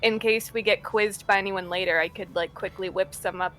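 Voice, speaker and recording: A woman playing a tabletop game, making dry, deadpan remarks. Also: mid-range voice, brisk. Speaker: player.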